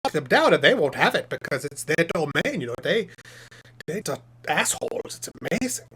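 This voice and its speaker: A man voicing a chatty, self-satisfied male puppet professor who hosts a live stream, reading chat questions aloud and rambling through them with deadpan jokes. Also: on the high side, normal speed, slightly rough, heavily acted.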